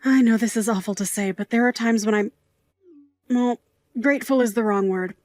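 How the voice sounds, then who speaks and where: A woman's voice: a little high, moderate pace, darkish tone, no echo, close to an everyday voice. A woman playing a middle-aged aunt who raised her nephew, a sentimental night worker who is fond, dramatic and teasing. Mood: tender. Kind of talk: scripted dialogue drama.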